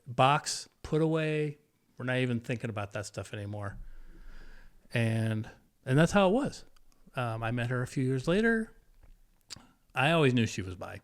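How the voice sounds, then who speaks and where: Candid man in his fifties, halting. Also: medium pitch, big pitch swings. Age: 50s. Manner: emotional, candid, halting with restarts. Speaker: podcast guest. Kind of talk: personal storytelling interview.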